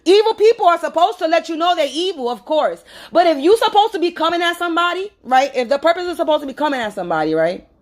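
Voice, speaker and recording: A woman's voice: very high-pitched, animated, fast, hardly any pauses. A woman ranting bluntly and mockingly on a casual livestream from her apartment, talking into a phone. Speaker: livestream host.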